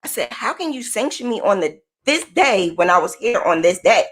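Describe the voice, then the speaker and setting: A woman's voice: mid-range voice, big pitch swings, normal speed, a bit bright. A woman podcast host from the United States, telling a personal story in a casual, emphatic way and repeating her points.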